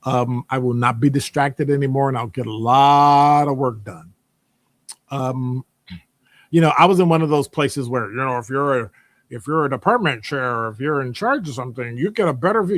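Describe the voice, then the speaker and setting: Animated man telling a story. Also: no echo. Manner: animated, jumps into high-pitched voices when quoting people; conversational, digressive. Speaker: podcast host; academic department member. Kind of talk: casual storytelling monologue.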